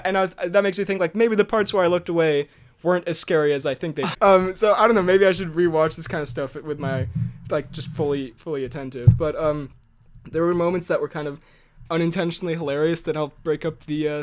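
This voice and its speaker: A man co-hosting a podcast, rambling and laughing as he tells stories in casual chat. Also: high voice. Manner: rambling, animated storytelling with laughs. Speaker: podcast co-host.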